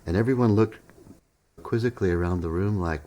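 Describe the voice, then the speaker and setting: A man's voice: deep voice, moderate pace, warm tone. A middle-aged man, a meditation teacher, telling a self-deprecating personal story, acting out the dialogue and chuckling often. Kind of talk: storytelling monologue.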